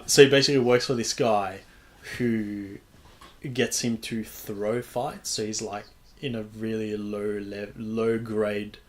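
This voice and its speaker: A young man hosting a podcast, chatting casually, rambling loosely and swearing freely. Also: fairly low pitch. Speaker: podcast host. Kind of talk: casual chat.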